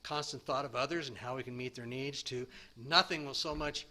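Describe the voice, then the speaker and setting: A man in his sixties sharing his recovery story at a meeting, rambling and self-deprecating, with halting restarts. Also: medium pitch, bright, forceful tone. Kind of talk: personal recovery share.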